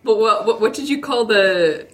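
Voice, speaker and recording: A woman's voice: fairly high pitch, moderate pace. A woman co-hosting a casual podcast, explaining word meanings and repeating herself as she thinks. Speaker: podcast co-host. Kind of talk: casual chat.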